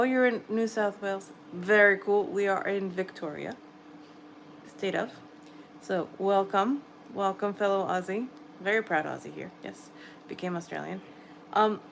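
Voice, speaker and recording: The voice is a woman's, mid-range, captured in a low-quality recording with slight background noise. She's a middle-aged livestream host from the New York area with a New York accent, reading comments and chatting warmly and encouragingly with viewers from a quiet room at home at night.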